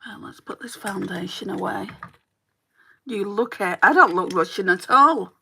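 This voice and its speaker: This recording is very noisy: a woman from Northwest England, speaking at medium pitch with vocal fry, talks in an unhurried way as she does her makeup. It's a chatty beauty livestream where she answers what viewers comment.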